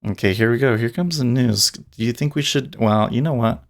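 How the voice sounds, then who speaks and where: A man's voice: mid-range voice, moderate pace. A man talking casually and rambling as he streams his live day trading, often restarting and chuckling. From Utah.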